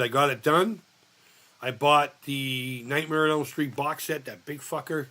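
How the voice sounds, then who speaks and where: A man's voice: medium pitch, a little slow, bright, forceful tone. A middle-aged man, hosting a casual live chat and telling rambling, profane stories while reading chat aloud. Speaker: livestream host.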